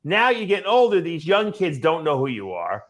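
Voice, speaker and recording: A man's voice: a little high, huge pitch swings, moderate pace. A man on a talk show panel, firmly laying out his analysis and pushing past interruptions. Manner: emphatic, analytical, talks over others. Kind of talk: casual chat giving opinions.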